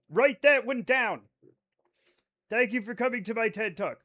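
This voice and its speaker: Young male streamer with a high, sharp voice who is chatty and profane and riffs on chat. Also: unhurried. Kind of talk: casual live-stream chat while gaming.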